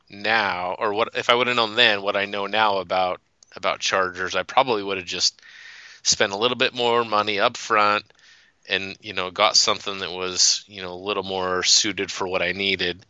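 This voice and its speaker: A man talks over a casual podcast in halting fashion, full of pauses and restarts. His voice is very deep yet sharp and clear-toned. The sound is dry and a little dull. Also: fairly even intonation, dry recording. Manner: halting, with many fillers and restarts. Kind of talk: casual chat.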